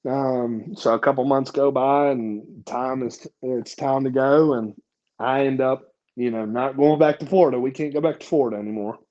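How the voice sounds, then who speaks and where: Young man, casual storytelling, swearing, fillers, mellow voice, dull lo-fi audio. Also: medium pitch, fairly even intonation, normal speed. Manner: profane, self-mocking, lots of fillers. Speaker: podcast guest.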